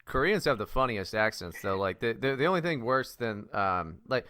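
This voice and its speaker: A man's voice: on the low side, expressive, moderate pace, hardly any pauses, sharp tone, no echo. A male podcast host in casual chat, crude and mocking in his talk.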